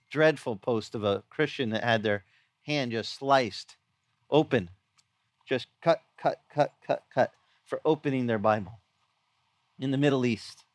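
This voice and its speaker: A middle-aged man delivers a relaxed, conversational sermon with a slightly higher voice, slipping into little acted-out quotes as he tells stories. The sound is dry and close, with no room echo. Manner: conversational storytelling, acts out quotes. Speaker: pastor. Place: outdoor beach gathering.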